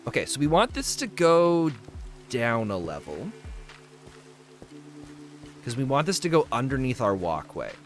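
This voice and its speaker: Man, twenties, livestream chat, reads chat aloud, laughs easily, animated voice. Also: medium pitch, a little slow, long pauses, soft background music. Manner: chatty, reads chat aloud and answers viewers. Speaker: game livestreamer. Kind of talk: casual livestream chat while playing.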